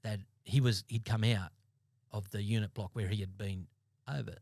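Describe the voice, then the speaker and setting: An Australian man in his fifties, a former police sergeant, telling his story as a podcast guest in a blunt, halting way with many restarts. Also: lowish voice, fairly even intonation, creaky, a little mellow, dry recording, studio quality. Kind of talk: interview storytelling. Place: podcast studio.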